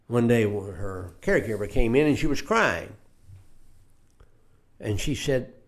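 A man's voice: mid-range voice, animated, moderate pace. An older man teaching from scripture in an earnest preaching manner, often repeating words as he starts a phrase. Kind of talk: radio Bible teaching.

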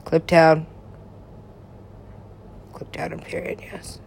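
A woman talking in rambling casual chat, laughing often, swearing freely and swinging her pitch up and down. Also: completely flat delivery, slow, vocal fry, a little mellow, slight background noise. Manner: rambling, frequent laughter, profane asides, big swings in pitch.

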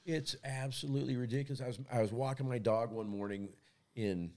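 A man in casual podcast chat with a mid-pitched voice, neither high nor low. He tells stories bluntly and profanely and often stumbles and repeats his words. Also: brisk, dark tone. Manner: storytelling, repeats words while he talks. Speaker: podcast co-host.

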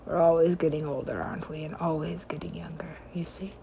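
A woman vlogging in rambling self-talk, shifting between hushed whispers and louder playful back-and-forth lines, as if arguing with herself. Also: low voice, little pitch movement, fairly quick, gravelly, a little hiss or hum.

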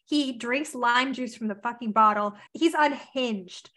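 A woman's voice: fairly high pitch, a little slow, pushed and bright. A woman hosting a casual interview, enthusiastic and loose, cursing casually. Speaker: interviewer host.

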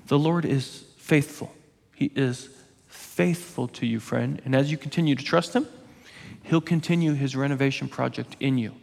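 Male pastor, raspy edge, earnest emphatic preaching, church hall reverb. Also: a little high, a little mellow. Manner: earnest, emphatic, drawn-out pauses for weight. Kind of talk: sermon.

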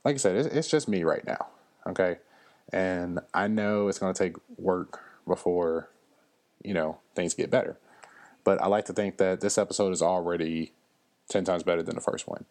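A podcast host in his 30s rambles through stories on his own show, chatty and loose, with lots of fillers and laughs. His voice sits low and a little mellow, at a moderate pace.

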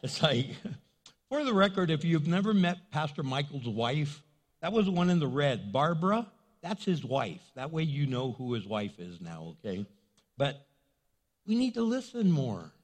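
A male pastor preaching a sermon in a church, animated and joking, repeating his points for emphasis. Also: a little high, normal speed.

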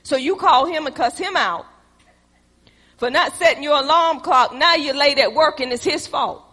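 A woman's voice: sits high, moderate pace. A woman preacher, giving a folksy, conversational sermon in a church. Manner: folksy, conversational, dramatic shifts to hushed pleading. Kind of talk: sermon with acted-out skits. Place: church sanctuary. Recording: long hall reverb.

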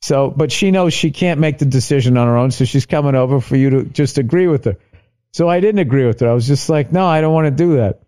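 A middle-aged stand-up comedian tells a story casually on a podcast, quick and medium-pitched. He's profane and animated, acting out both sides of an argument.

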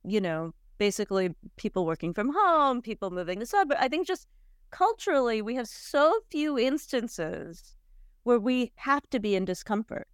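A woman in her forties hosting a podcast, telling stories in a chatty, animated way with lots of fillers. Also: on the high side, normal speed, smooth, no echo, studio quality. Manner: chatty, animated storytelling with frequent "like" and laughs. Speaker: podcast host. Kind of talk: casual chat.

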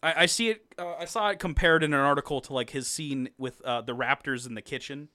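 A man's voice: a little high, fairly quick, sharp tone, dry recording, studio quality. A man co-hosting a podcast, casually recapping a movie with lots of swearing and laughter. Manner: rambling, profane, laughs often and acts out quotes. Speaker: podcast co-host.

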